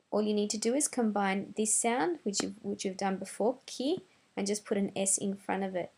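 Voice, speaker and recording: A woman gives a pronunciation lesson at a very unhurried pace. She says each word deliberately, often twice to contrast right and wrong, and fills pauses with soft "um"s. Her voice sits at an ordinary middle pitch. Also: creaky, a little hiss or hum. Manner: deliberate, repeats words in contrast, frequent "um" fillers. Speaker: Italian language teacher.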